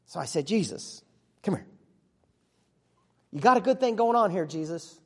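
A man playing an earnest, excitable disciple who tells his own story in a church monologue, chatty with sudden hushes and bursts. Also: high-pitched, moderate pace, breathy edge, heavily acted. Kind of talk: first-person dramatic monologue. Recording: long reverb of a large hall.

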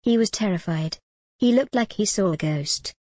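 A woman narrating a simple storybook in a plain, measured way. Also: medium pitch, animated, darkish tone, no room sound.

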